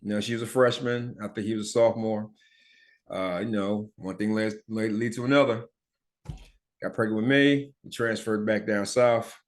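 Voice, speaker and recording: A man's voice: fairly low pitch, fairly even intonation, moderate pace. A man from Philadelphia hosting a podcast and telling his own story in a blunt, chatty way, with profanity and the occasional stutter or mumbled word. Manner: stutters and mumbles now and then. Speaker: podcast host. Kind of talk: casual personal storytelling.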